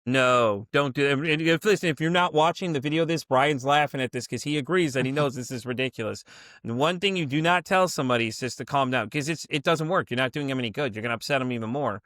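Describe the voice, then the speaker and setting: A man hosting a podcast interview, telling a story in a rambling, animated way with many restarts. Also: mid-range voice, quick pace, few pauses, no echo, clean studio sound. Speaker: podcast host. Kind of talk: casual interview chat.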